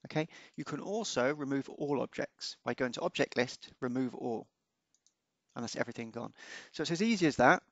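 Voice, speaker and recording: Male tutorial presenter, relaxed unscripted delivery, raspy edge, dry close voice-over. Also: mid-range voice, fairly quick, dry recording, highs cut off. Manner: relaxed, unscripted, with frequent ums and small self-corrections. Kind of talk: screen-recorded software walkthrough.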